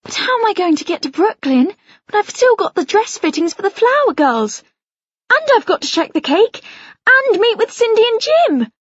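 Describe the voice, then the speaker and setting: A woman voicing a busy, anxious mother in an audiobook, talking in a hurried, high, flustered way. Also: no echo, dull audio, lightly acted. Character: anxious busy British mother planning wedding.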